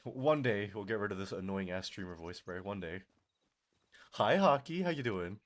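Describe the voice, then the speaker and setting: Male streamer, lively swooping delivery, laughs a lot, voice worn from talking. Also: fairly low pitch, normal speed. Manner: animated, laughs often, answers chat. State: strained, tiring voice. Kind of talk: casual live-stream chat.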